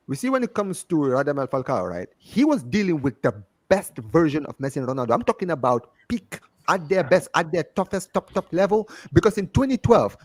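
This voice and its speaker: A man's voice: fairly high pitch, darkish tone, dry recording. Emphatic London man hosting a fan show. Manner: emphatic, keeps circling back to his point. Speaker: host of a football fan show. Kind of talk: casual group chat on a livestream.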